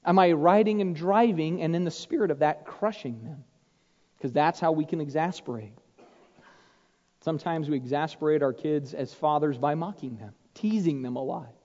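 A man preaching a sermon to fathers, stressing points loudly and then dropping to hushed asides. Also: a little high, normal speed. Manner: emphatic, swings between loud stress and hushed asides. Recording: echoey hall, dull sound.

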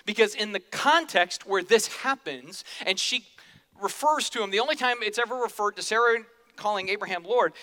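A pastor with a high, sharp-toned voice delivers a sermon in a church hall, keeping it casual and joking and slipping into quoted voices. Long hall reverb hangs on the recording.

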